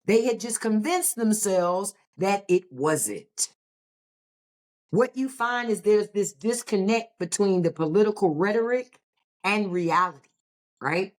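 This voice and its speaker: A woman's voice: mid-range voice, animated, takes it slowly. American woman, podcast host, solo political commentary, emphatic and repetitive, mid-range voice. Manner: emphatic, repeats phrases for effect; rhetorical questions and asides.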